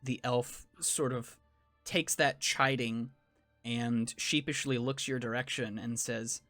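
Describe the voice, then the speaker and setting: A man narrating as dungeon master for a tabletop game, slow and descriptive. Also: medium pitch, fairly even intonation, a bit bright, dry recording, faint music behind.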